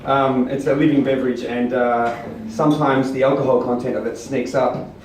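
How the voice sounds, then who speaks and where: A man's voice: mid-range voice, flat delivery, normal speed, darkish tone, slight background noise. A man doing stand-up, rambling through a crude, self-mocking story with many ums and uhs. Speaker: stand-up comedian. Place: small comedy venue, audience laughing. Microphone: far camera. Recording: echoey room, taped from far off.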